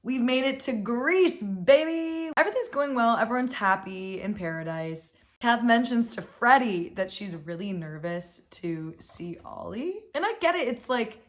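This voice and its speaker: Animated young woman recapping a reality show. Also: fairly high pitch, measured pace, few pauses. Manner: animated and exasperated, heavy filler "like", swears freely. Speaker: recap host.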